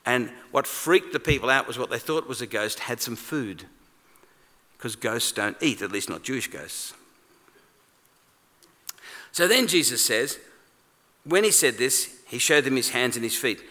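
A man preaching a sermon in a conversational, animated way, acting out quoted lines. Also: mid-range voice, unhurried, pauses often. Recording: long reverb of a large hall.

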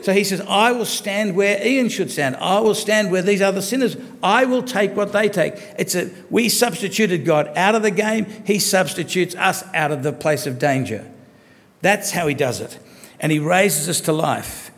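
A man preaching a sermon, earnest and emphatic, slowing down to stress key phrases. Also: high voice, a bit bright. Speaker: pastor. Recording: long hall reverb.

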